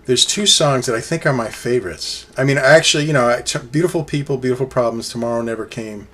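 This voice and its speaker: A man's voice: mid-range voice, fast talker, bright, forceful tone. A man casually reviewing an album on his own, rambling enthusiastically with many fillers and restarts. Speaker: music reviewer.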